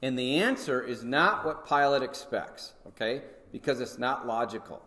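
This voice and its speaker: A man's voice: medium pitch, normal speed, pushed and bright. A man teaching a Sunday school Bible lesson in a church, talking conversationally and checking in with his listeners with frequent "okay?" and "right?". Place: church hall. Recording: echoey hall.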